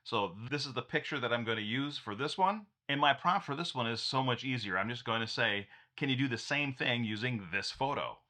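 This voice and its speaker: A man's voice: medium pitch, animated, brisk, few pauses, pushed and bright. A man walking viewers through a tech tutorial in a casual, upbeat way, chuckling often and restarting his sentences. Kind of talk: casual screen-share tutorial.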